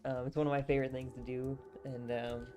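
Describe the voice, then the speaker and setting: A woman's voice: a bass voice, flat delivery, a little fast, warm tone, soft background music. A young woman streaming as she reads a novel aloud and chats with viewers in a rambling, easygoing way. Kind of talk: casual live stream chat and book reading.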